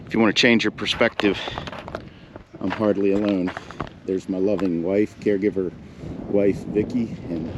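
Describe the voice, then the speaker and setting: A man's voice: fairly low pitch, muffled recording, noisy background. Breathless man talking on a mountaintop. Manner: reflective, rambling, with fillers and restarts. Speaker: vlogger, caregiver advocate. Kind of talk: casual talk to camera. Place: outdoors on a mountaintop.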